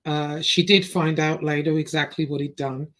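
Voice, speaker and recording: A woman's voice: sits low, fairly even intonation, moderate pace, a bit bright. A woman hosting a reaction commentary channel, talking bluntly and rambling with fillers and restarts.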